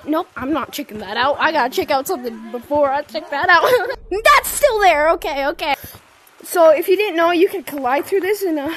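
A young woman talks over her VR gameplay in a very high, bouncy voice full of squeals and sudden exclamations. Her pitch leaps around constantly as she reacts. Game noise runs loudly underneath her. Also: animated. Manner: squealing, exclaiming, quick mood swings. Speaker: gameplay vlogger. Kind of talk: excited VR gameplay commentary. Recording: noisy game audio behind.

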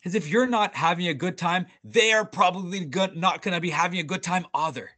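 A man presenting a sales webinar over a video call, upbeat and animated, joking with attendees and restarting his sentences often. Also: high-pitched, a little fast. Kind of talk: energetic workshop presenting.

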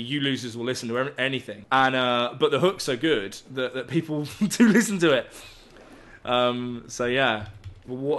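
A gaming YouTuber provides let's play commentary on a survival game, rambling, joking, swearing freely, and yelping when startled. His voice is mid-range and a bit bright.

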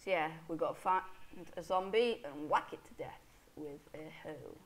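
A woman's voice: sits low, moderate pace, poor audio. A woman commentating her Minecraft play in a chatty, self-mocking way, hiccuping as she talks. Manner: chatty, self-deprecating, talks to in-game animals. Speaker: Minecraft let's player. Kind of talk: casual gameplay commentary.

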